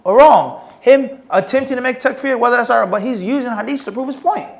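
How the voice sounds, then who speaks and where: A man with a high voice, giving a live religious lesson and answering questions. He quizzes his listeners with rhetorical questions and drops Arabic phrases into his English. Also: a little fast, gravelly. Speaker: Islamic teacher. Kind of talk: live Q&A lecture.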